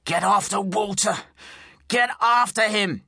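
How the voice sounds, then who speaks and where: A man's voice: medium pitch, measured pace, bright, forceful tone, dry recording, studio quality. A man doing a spiteful, taunting forester. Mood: shouting. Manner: taunting, barking orders. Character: gruff stocky male forester, spiteful.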